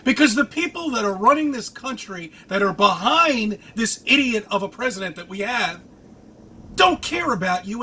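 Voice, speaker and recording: A high-voiced man hosts his own channel and rants straight at his viewers. His tone is bright and forceful, full of profanity and sudden outbursts. A faint ambient hiss sits behind him. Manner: angry, profane and preachy, with sudden loud jumps and laughs. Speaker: channel host. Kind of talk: ranting monologue to camera.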